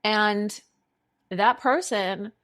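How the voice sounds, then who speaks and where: A woman's voice: mid-range voice, extremely slow, a bit bright, soft background music. A young woman hosting a podcast, speaking in an encouraging, reflective way as she responds to her guest's story. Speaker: podcast host. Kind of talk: conversational interview.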